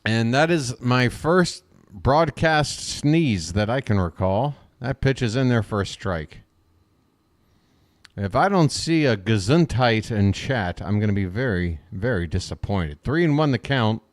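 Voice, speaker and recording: With lively intonation and a slightly slow pace, a man does wisecracking fan play-by-play of a live baseball game, chatting back to viewers between pitches.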